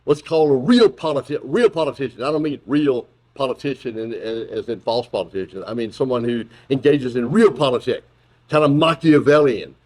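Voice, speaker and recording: A male philosophy professor giving a public lecture in an auditorium, talking in an animated, joking way with frequent restarts. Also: mid-range voice, fairly quick.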